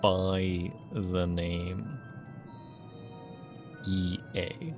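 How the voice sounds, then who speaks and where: A man's voice: deep voice, lively intonation, drawn-out words, a little mellow, highs cut off, soft background music. A man streaming a game, joking and amused as he comments on it. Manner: joking, amused, mock-puzzled. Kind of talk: playful live game commentary.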